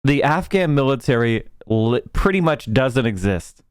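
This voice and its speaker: A man's voice: medium pitch, animated, unhurried, clean tone, no room sound, clean studio sound. A man hosting a livestream, reacting to news clips with profane, sarcastic commentary. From United States. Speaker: political streamer.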